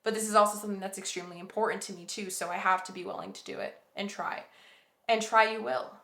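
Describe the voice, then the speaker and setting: Bright-voiced woman giving a tarot reading. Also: medium pitch, fairly even intonation, fast, vocal fry, echoey room, a little hiss or hum. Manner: earnest, reassuring, talks straight to the viewer. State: yawning, a bit sleepy. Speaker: tarot reader. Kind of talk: pick-a-card tarot reading.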